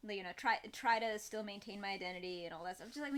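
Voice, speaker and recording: A young woman chatting on a live stream, talking in a loose, rambling way with lots of expression. Her voice sits a little higher than most women's. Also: fast talker, few pauses, fairly bright tone. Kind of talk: casual live-stream chat.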